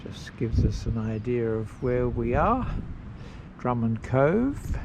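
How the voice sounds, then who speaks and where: A man casually narrating a road trip outdoors, rambling with pauses and fillers. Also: medium pitch, sing-song. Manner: slow, rambling, pausing with fillers. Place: outdoors at campsites and parks. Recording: noisy outdoor recording.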